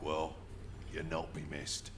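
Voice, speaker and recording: An actor playing a spiteful rival on an oil rig in a video game, with a sneering way of talking. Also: male voice, rumbling low, monotone, takes it slowly, a bit bright, a little hiss or hum, heavily acted.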